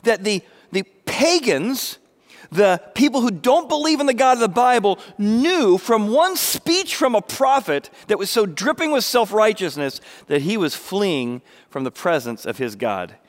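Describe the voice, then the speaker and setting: Man, middle-aged pastor, lively sermon delivery, voices the story's characters. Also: sits high, unhurried. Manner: animated, acts out biblical speakers with raised voice.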